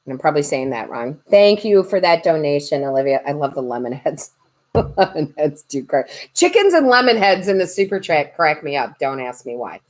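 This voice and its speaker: A woman's voice: deep voice, big pitch swings, normal speed. A woman tarot reader and medium chatting on a livestream, joking and reading viewer comments aloud. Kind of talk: casual livestream chat.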